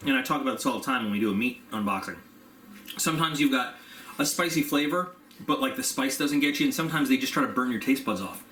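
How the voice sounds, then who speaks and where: A man's voice: mid-range voice, pushed and bright. A man giving a casual unboxing review, chatty and rambling with fillers, sometimes talking while he chews. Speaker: product reviewer. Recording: echoey room, faint background hum.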